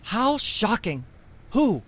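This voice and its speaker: A woman's voice: fairly high pitch, very animated, slow pace, very noisy. Pompous female talk-show host, theatrical, preachy, video game. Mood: scandalized.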